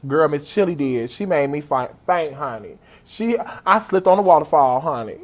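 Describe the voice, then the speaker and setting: Gushing, animated male vlogger. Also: moderate pace, hardly any pauses. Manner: animated and gushing, big pitch swings, talks straight to viewers. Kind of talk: excited casual storytelling.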